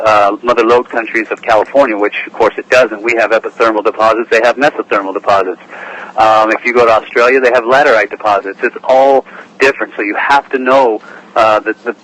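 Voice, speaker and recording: Man, expert guest on a radio show, earnest explaining, bright tone, mid pitch. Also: low-quality recording. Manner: explanatory, earnest, with filler pauses. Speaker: guest, gold prospecting expert. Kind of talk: interview answers.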